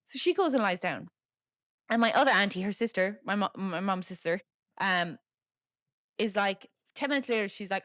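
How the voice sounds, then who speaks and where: A young Irish woman talking frankly in casual storytelling, full of fillers and the odd curse. Her voice sits at an ordinary middle pitch. The sound is close and dry. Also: animated, moderate pace, fairly bright tone, no room sound. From Ireland. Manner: chatty and frank, with lots of fillers and swearing. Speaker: podcast host.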